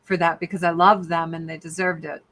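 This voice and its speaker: This older woman's lowish voice stays fairly flat in pitch, sounding brisk and a bit bright. Calling in by video from a rural home as a podcast guest, she chats casually, speaks openly, cracks jokes, and swears without restraint.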